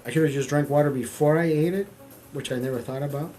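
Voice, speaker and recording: A middle-aged man hosting a stream, telling a story in casual, profane, animated talk, repeating phrases for emphasis. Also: fairly high pitch, quick pace, faint music behind. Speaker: streamer host.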